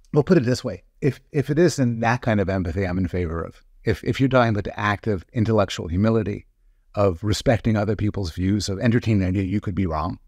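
A man with a fairly low voice speaks as a guest in a podcast interview. He lays out his reasoning step by step, carefully and deliberately. The recording is dry and close-miked. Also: darkish tone, slightly rough, no echo. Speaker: psychologist guest. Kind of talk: conversational interview.

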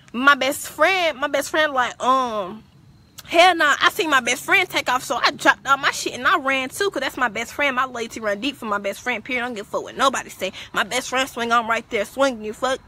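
A teenage girl telling a story on a livestream, profane, animated and defiant. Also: sits high. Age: teens.

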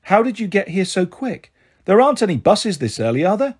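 A shy, earnest young girl, as a man reading a story puts her on. She speaks hesitantly in a raised, slightly husky voice. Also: high voice, big pitch swings, brisk, voice pushed up, exaggerated voice.

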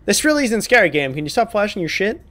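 A man with a high, bright, pushed voice hosts a horror game let's play, talking fast and very animatedly. He addresses the game's characters directly with joking, profane banter and mock apologies.

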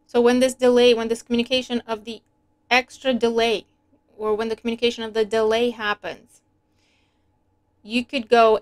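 A woman giving a casual, animated tarot reading, chatty and quick to laugh. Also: on the high side. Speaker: tarot reader.

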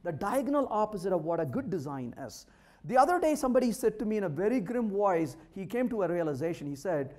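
A man's voice: sits high, very animated, fairly quick, a little mellow. A man giving a humorous technical talk at a meetup, polling the audience and trading wry jokes with them. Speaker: conference speaker. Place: meetup room.

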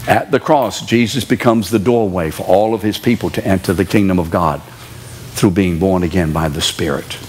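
Low-voiced man preaching a sermon. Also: moderate pace, husky. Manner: animated preaching, acts out quoted voices and shouts. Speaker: pastor. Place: church sanctuary.

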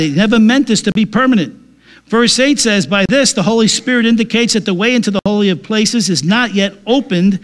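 High-voiced emphatic male pastor. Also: fairly bright tone. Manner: emphatic, repeats key phrases for stress. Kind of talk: sermon.

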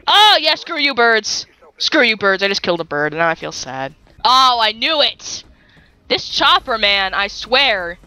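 A young woman chatters through her gameplay with silly, excitable commentary. Her voice is bright and very lively, sweeping high and low. She takes her time between bursts of jokes. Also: unhurried, smooth, no echo. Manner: giggly, silly and excitable, talks to game creatures. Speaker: gaming YouTuber.

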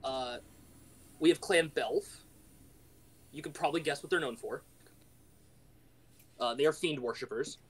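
A man's voice: a little high, measured pace, long pauses, low-quality recording. A man at a tabletop game, reading out options plainly with uh fillers. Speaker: player. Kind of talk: casual game table chat.

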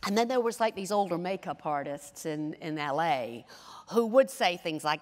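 A woman chatting as a guest in an onstage interview, animated and laughing often. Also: mid-range voice, a little slow. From England. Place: stage in a large hall. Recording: long hall reverb.

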